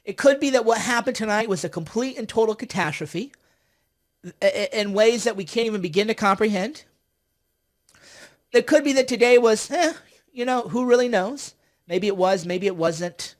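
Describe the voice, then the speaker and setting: A man's voice: sits high, normal speed. A man commenting on politics on a live stream, heated and sarcastic, often repeating himself.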